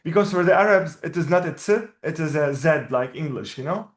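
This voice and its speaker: Male teacher, slightly high voice, patient and explanatory; echoey room. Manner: patient, explanatory, repeats words slowly. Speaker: Arabic teacher. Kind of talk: one-on-one language lesson.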